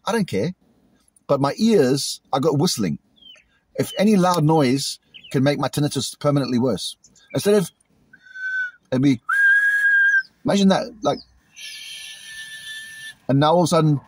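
A British man venting angrily in a vlog, repeating himself and imitating loud bangs, recorded outdoors. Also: a little high, background noise. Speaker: vlogger. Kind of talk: agitated monologue to camera. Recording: outdoors in a cemetery.

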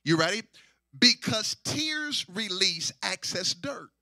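A man a sermon as pastor, shouting and half-singing in rising waves and repeating phrases to draw responses. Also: high-pitched, very animated, slow, vocal fry, no room sound, clean studio sound. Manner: shouting, sing-song preaching with repetitions.

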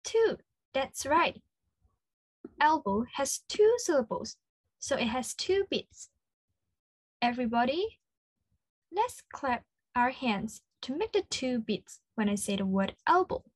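A woman with an Australian accent leading an interactive children's lesson, slow and encouraging, full of praise. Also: high voice, sing-song, husky, dry recording. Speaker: children's speech clinic presenter.

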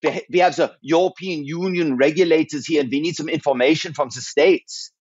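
A man voicing a German male office head on a business phone call, speaking in a German accent with a brisk, official manner. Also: fairly high pitch, darkish tone, slightly rough, no echo, voice pushed up.

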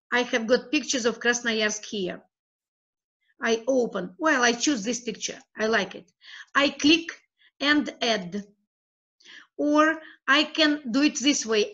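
A woman talks a class through a software tutorial on screen. Her slightly high voice moves slowly and haltingly, and she often repeats a word as she clicks. The recording sounds dull and lo-fi. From Russia.

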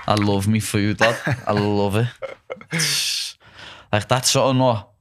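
A man's voice: lowish voice, steady tone, slow pace. A man with a Scouse accent hosting a casual podcast chat, slangy and chatty, saying "lad" all the time. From Liverpool, England. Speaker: podcast host.

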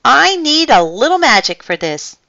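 A woman's voice: high voice, very animated, moderate pace, creaky, bright, forceful tone, dry recording, muffled recording, pitched above the performer's own voice, exaggerated voice. O'Malley, a boastful alley cat read by a woman. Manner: boastful, showy. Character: scrappy streetwise male alley cat.

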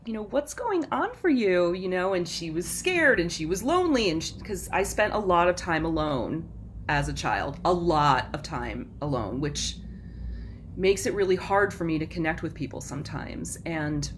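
A woman's voice: lowish voice, expressive, normal speed, slight background noise. A woman guest on a podcast, telling her story in a rambling, self-interrupting way and laughing often. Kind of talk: casual interview chat.

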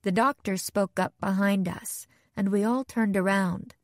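Slow, measured woman narrating an audiobook. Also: mid-range voice, darkish tone, dry recording, studio quality. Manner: measured, clear storytelling. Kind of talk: first-person audiobook narration.

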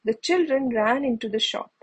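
A woman reading a children's bedtime story aloud in a gentle storytelling manner. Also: a little high, moderate pace, breathy edge, low-quality recording. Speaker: storybook reader.

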